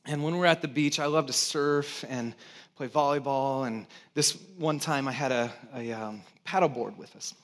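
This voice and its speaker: A pastor preaching a conversational sermon to his church, swinging between loud emphasis and hushed, quiet stretches. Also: mid-range voice, normal speed.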